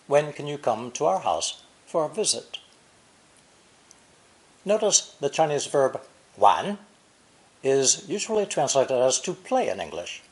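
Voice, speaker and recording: A man narrating a recorded language lesson, explaining slowly and deliberately, with example sentences read in Chinese. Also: mid-range voice. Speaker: language teacher.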